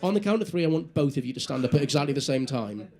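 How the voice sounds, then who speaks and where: A man doing live stand-up comedy, telling a story with animated asides and talking directly to the audience. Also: on the high side, very fast, creaky. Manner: animated, acts out inner voices, audience asides.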